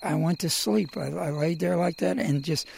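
A middle-aged man telling his own personal story in a halting, emotional way, with many pauses and fillers. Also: on the high side, creaky, a little mellow, breathy edge.

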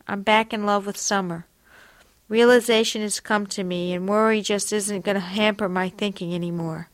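A woman's voice: medium pitch, fairly even intonation, normal speed, no echo. Woman reading a confessional diary aloud. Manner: earnest, confessional, reflective delivery.

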